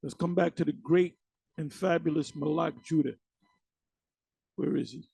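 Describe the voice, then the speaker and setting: A man's voice: a little high, normal speed, vocal fry, dark tone, slightly rough, no room sound. A man giving blunt, mocking commentary as he reacts to online videos. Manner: mocking, blunt, swears freely.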